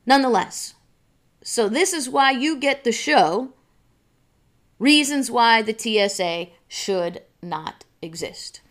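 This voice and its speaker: Woman, talk show host, animated and emphatic, slightly high voice, exasperated storytelling. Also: unhurried. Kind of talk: storytelling and legal commentary.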